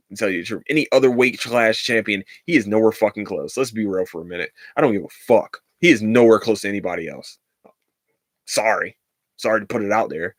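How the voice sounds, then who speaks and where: A man's voice: on the high side, fairly bright tone, no room sound, clean studio sound. A man hosting a podcast, ranting in a heated, profane and sarcastic way, repeating lines for emphasis. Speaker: podcast host. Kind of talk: casual rant.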